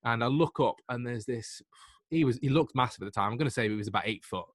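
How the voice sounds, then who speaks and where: A man in his twenties with a Mancunian accent, a podcast guest telling stories in a lively, self-deprecating way. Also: medium pitch, quick pace, no room sound, studio quality. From Manchester, England. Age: 20s. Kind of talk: casual anecdotal storytelling.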